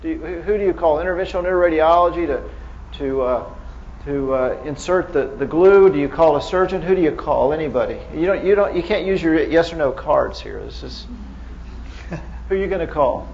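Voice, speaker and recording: A man with a somewhat high voice gives a casual, conversational medical lecture in a hall, stopping to quiz his listeners. The recording is a bit dull and carries a faint noise floor. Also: brisk, gravelly, darkish tone. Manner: conversational, quizzes the audience, many restarts. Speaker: neurohospitalist lecturer. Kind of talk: medical conference lecture with audience questions.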